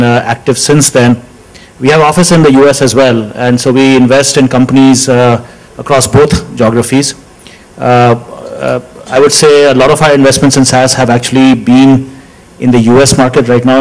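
A man speaking as a venture investor on a conference panel, measured and full of fillers. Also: mid-range voice, a little mellow, poor audio. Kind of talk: panel self-introduction. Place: conference stage.

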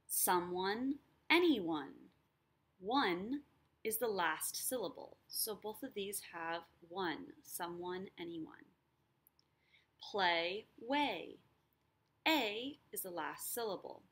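Slow, husky-voiced woman teaching a lesson. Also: medium pitch, fairly bright tone. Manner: slow, clear explanation with sounds drawn out. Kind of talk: recorded lesson.

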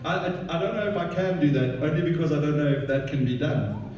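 A man's voice: on the high side, fast talker, darkish tone, dull audio. A man bantering with self-mocking jokes on a live panel. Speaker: voice actor on a panel. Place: large convention hall. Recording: echoey hall from far off, crowd. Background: crowd murmur.

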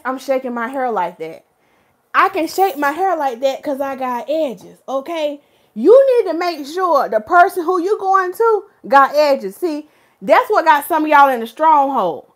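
A woman, a hair stylist hosting a casual live stream and talking to her chat in an animated, preachy way. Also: high-pitched, a little slow. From North Carolina, USA.

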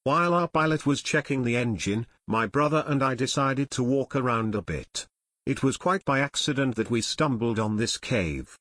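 A man's voice: mid-range voice, animated, moderate pace, a bit bright, no echo, clean studio sound. A man doing a bold teenage boy detective. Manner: nonchalant, pressing.

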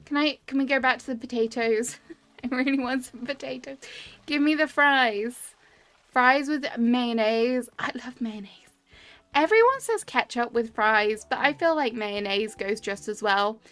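Touring game islands on a live stream, a cheerful woman chats in a high, fairly bright voice without hurrying. Her casual commentary includes greeting viewers by name. The audio comes from a webcam and desk mic, dry and close, with game music underneath.

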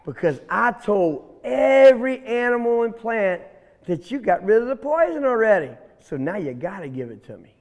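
A man voicing a pushy, rude little male snake who demands things loudly and impatiently, in a spoken story. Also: high voice, sing-song, moderate pace, big-room sound. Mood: rude demanding.

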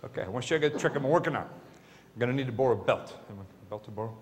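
A man's voice: medium pitch, animated, racing, a little hiss or hum. A man hosting a comedy hypnosis show on stage, teasing his volunteers with playful banter. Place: stage in a large hall. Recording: large hall with loud crowd.

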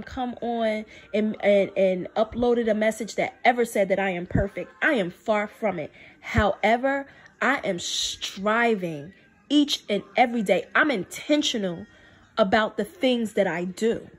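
Woman sharing her faith to camera; emphatic, repetitive delivery in a somewhat high voice. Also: a little slow. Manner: emphatic, repeats phrases for stress; drops low and soft to quote God. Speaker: faith video speaker. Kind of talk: spiritual testimony to camera.

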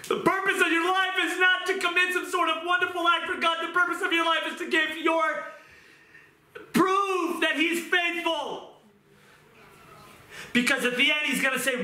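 A middle-aged male pastor preaching an impassioned sermon, moving from quiet talk to shouting. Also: extremely high pitch, unhurried, a little hiss or hum. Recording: roomy echo.

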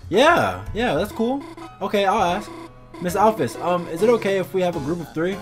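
A man voicing a sweet, timid teenage deer girl in a game, speaking gently and apologetically. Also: sits high, very animated, moderate pace, over music, pitched above the performer's own voice. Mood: gentle.

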